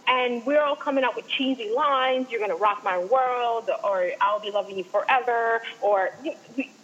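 A woman tells an excited, animated story in a casual chat. Her voice sits a little high, and the line sounds dull and lo-fi. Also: moderate pace. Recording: dull lo-fi line with faint noise.

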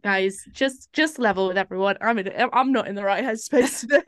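A woman's voice: medium pitch, moderate pace, no room sound, clean studio sound. A woman co-hosting a podcast, chatting casually in a rambling, self-mocking way. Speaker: podcast co-host. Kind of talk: casual chat.

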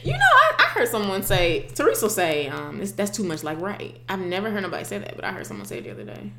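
A woman in her twenties co-hosting a casual chat, animated and playful, often acting out what others said. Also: medium pitch, fast, gravelly, echoey room, slight background noise. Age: 20s.

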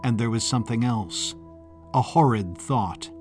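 Guy narrating a story real slow and steady, soft music behind. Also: medium pitch. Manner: measured, deliberate storytelling. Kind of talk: scripted narration.

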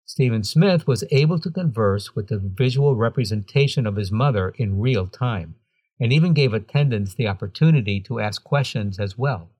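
Male host, husky voice, scripted read with wry deadpan asides, dry booth sound. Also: mid-range voice, moderate pace, dry recording. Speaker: podcast host.

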